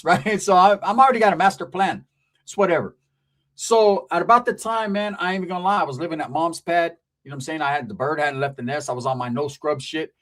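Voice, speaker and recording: A man's voice: on the high side, lively intonation, fairly quick, fairly bright tone. Slangy man telling a story. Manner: slangy, profane, acts out quoted voices. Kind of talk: casual storytelling.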